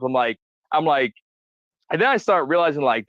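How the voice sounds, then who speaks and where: A man's voice: a little high, expressive, a little fast, long pauses, fairly bright tone, no room sound, lo-fi sound. A man, a guest on a talk show, telling his side of a dispute in a heated, profane way and often quoting what he said back then. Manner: profane, repeats himself, quotes his own past remarks.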